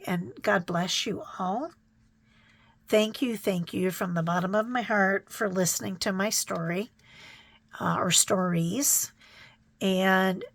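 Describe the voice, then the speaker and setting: Brief middle-aged woman, crafting vlogger, slow unhurried delivery, close dry sound, tender and halting. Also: medium pitch, no echo. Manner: reflective, gentle, emotional, many ums and restarts. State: choked up. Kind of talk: casual chat to viewers.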